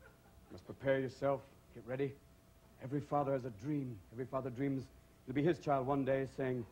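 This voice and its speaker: A man's voice: mid-range voice, fairly even intonation, fairly quick, darkish tone. A man doing a manic stand-up routine on a comedy club stage, jumping between voices.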